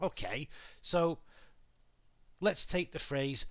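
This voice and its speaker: A man teaching English grammar to learners, patient and clear, with lots of example sentences. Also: medium pitch, sing-song, a little slow, a bit bright, dry recording.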